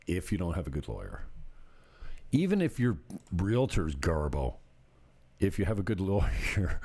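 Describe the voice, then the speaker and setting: A man's voice: extremely low pitch, a little mellow, husky. A middle-aged man who works as a real estate agent, chatting casually in a vlog and telling rambling, jokey stories. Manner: rambling, jokey storytelling with laughs.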